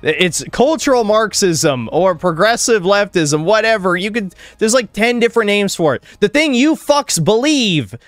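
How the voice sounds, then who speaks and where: A man's voice: high voice, lively intonation, normal speed, few pauses, no echo. Swearing, ranting podcast host man. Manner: crude, ranting, heavy swearing. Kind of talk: casual gaming podcast chat.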